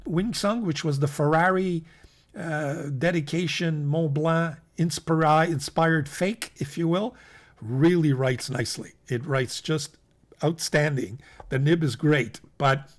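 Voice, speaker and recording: Man, slightly higher voice, casual rambling host, lots of ums and restarts, talks to viewers as folks. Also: unhurried. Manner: rambling, many fillers and restarts. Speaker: fountain pen channel host. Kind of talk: casual product roundup.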